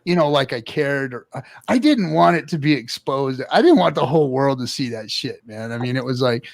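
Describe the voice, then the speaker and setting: A man on a casual podcast telling a story, animated and swearing a lot, acting out others' voices loudly. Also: mid-range voice, brisk, vocal fry, dry recording. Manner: animated, loud quoted voices, swears often. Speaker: podcast co-host.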